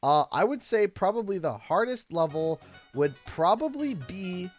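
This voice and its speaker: A Canadian man live-streaming a game, excitable and thanking viewers over and over. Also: high voice, unhurried, faint music behind. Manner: excitable, thanks donors warmly and often. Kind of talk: live gameplay stream chat.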